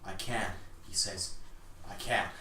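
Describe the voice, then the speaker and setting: A man's voice: low voice, fairly even intonation, takes it slowly, sharp tone. A man co-hosting a podcast, reading his own story aloud and lifting his voice for its dialogue. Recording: roomy distant mic with faint noise.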